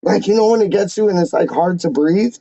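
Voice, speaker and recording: A man's voice: sits high, a little fast, mellow, no echo, dull audio. A man hosting a fan channel, talking in a casual, slangy and emotional way with many repeated exclamations.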